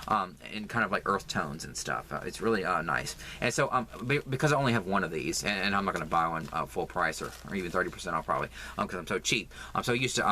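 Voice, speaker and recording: A Southern-accented man talks through his crafting haul in a casual, stumbling way, repeating words and filling pauses with ums. His voice sits on the low side yet sounds bright and forward. A faint hiss runs under the recording. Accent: Southern American. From American South. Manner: halting, lots of fillers and repeats. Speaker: crafting vlogger. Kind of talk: casual yarn haul chat.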